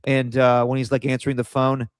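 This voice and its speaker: Male podcast co-host, rambling storyteller, smooth clear voice, dry sound. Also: medium pitch, monotone, a little fast, no room sound. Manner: rambling, anecdotal, lots of fillers. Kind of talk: casual sports podcast chat.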